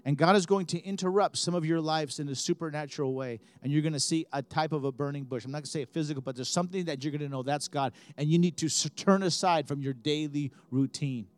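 A man's voice: fast, few pauses. A man preaching a sermon and praying with the congregation, passionate and insistent. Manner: impassioned, rising to fervent high-pitched preaching. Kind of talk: sermon with prayer.

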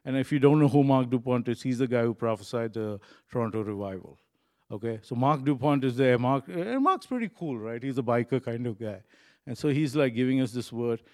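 A man's voice: medium pitch, lively intonation, fairly quick, warm tone. An earnest male pastor delivers a sermon in a conversational, unpolished way. He restarts sentences and leans on casual fillers while speaking directly to his listeners. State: choked up when recalling a moving moment.

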